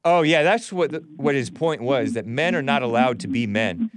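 A man's voice: medium pitch, expressive, normal speed, dry recording, clean studio sound. A man hosting a live talk show, commenting sardonically and laughing often. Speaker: host.

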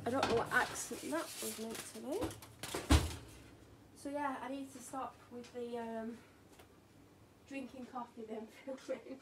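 A woman's voice: on the high side, fairly even intonation, measured pace, pauses often, heavy background noise. A woman with a British accent, chatting and rambling on in a hyper way in a home vlog from her kitchen. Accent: British English. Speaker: vlogger.

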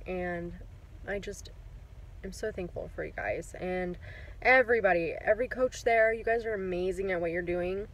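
A woman's voice: medium pitch, poor audio. A woman recording a casual video diary, gushing with gratitude, close to tears and laughing between words. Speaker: client giving a testimonial.

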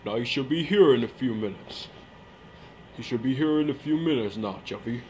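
A man's voice: medium pitch, expressive, moderate pace, darkish tone, highs cut off, a little hiss or hum, natural voice. A man voicing an exasperated, scolding father in a puppet parody skit. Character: exasperated grown father, easily flustered.

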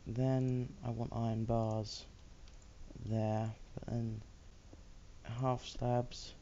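A man's voice: medium pitch, level tone, drawn-out words, dark tone, lo-fi sound, slight background noise. A man hosting a let's play, chatting casually and muttering to himself while he builds. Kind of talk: casual gameplay commentary.

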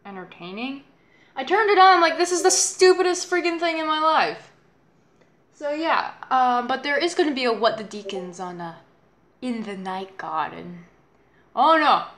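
A woman's voice: on the high side, a bit bright. A young woman reacting to a children's show, swearing and exasperated, with sarcastic commentary. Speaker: reaction video host.

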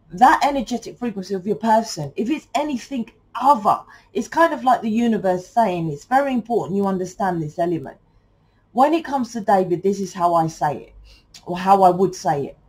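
A woman's voice: fairly low pitch, darkish tone, slightly rough, low-quality recording. A British woman giving a casual spoken tarot reading, rambling and chatty and swearing now and then. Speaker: tarot reader.

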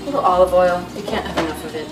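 A lowish-voiced woman speaks as an anthropologist in a documentary interview. She reflects aloud in a loose, conversational way, padding thoughts with "you know" and slipping in Arabic phrases. Clear music runs under her voice. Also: steady tone, quick pace.

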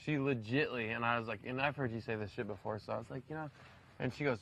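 Young man, quick and joking, rattles off stories, average pitch. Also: vocal fry, fairly bright tone, a little hiss or hum. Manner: fast, joking storyteller, trash-talks. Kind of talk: casual banter on a reality show.

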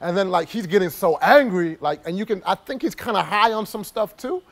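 A man's voice: high-pitched, lively intonation, a little fast, a bit bright. A man casually telling a personal story to camera as a travel vlogger, rambling and filling his talk with "like". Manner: rambling, heavy use of "like", laughs while telling.

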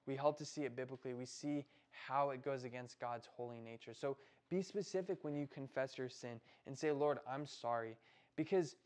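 A young man with an American accent preaches to a group of middle schoolers, his pitch sitting right in the middle of the range. He keeps it loose and chatty, checking in with the kids as he goes. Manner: casual, conversational preaching with frequent "right?" and "like". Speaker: youth pastor.

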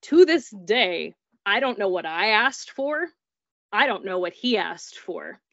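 A woman's voice: medium pitch, lively intonation, unhurried, a bit bright, no echo. Woman, casual storyteller, chatty, fillers, muffled dry recording. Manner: chatty, peppered with "like", acts out dialogue. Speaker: guest recounting paranormal experiences.

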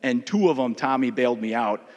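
Minnesotan male state legislator, mid-pitched, halting anecdotal memorial speech with lots of fillers, long chamber reverb. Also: a little mellow. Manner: conversational, halting, many uh fillers.

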